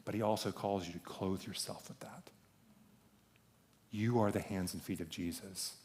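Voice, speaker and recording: A man's voice: low voice, steady tone, moderate pace, a little mellow. A man in his thirties, a pastor, preaching a sermon in a conversational, joking way.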